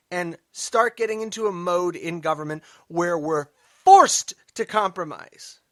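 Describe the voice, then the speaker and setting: A man hosting a political commentary podcast, emphatic and sarcastic, dropping to mutters and then rising loud. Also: sits high, no echo, studio quality. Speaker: podcast host.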